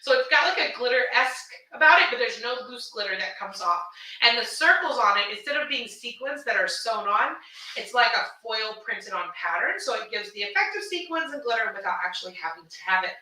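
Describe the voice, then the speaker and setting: A woman from Houston talks through her gowns on a livestream, lively and affectionate, calling viewers baby and honey. Her voice is bright and a little high. She sounds set back from the mic in a very echoey room. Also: fairly quick, distant mic. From Houston, Texas. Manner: animated, chatty, calls viewers baby and honey. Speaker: fashion designer selling her gowns on a livestream. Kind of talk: casual livestream sales chat.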